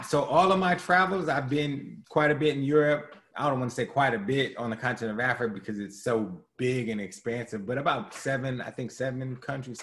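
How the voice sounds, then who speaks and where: A man who works with undergraduates, talking in a relaxed, reflective way with casual slang. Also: medium pitch. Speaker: university staff working with undergrads. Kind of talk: casual conversation.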